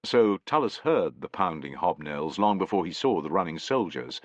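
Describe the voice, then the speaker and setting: A man's voice: deep voice, sing-song, normal speed, dry recording. A man narrating a dramatic war novel, voicing each character expressively. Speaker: audiobook narrator.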